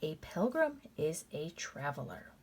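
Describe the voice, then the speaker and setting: A woman with a lowish voice teaches a reading lesson at an unhurried pace. She lays out each pattern piece by piece and repeats it. She talks to her class in a casual way, calling them "you guys". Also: very animated, breathy edge. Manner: slow, deliberate, repeats patterns step by step.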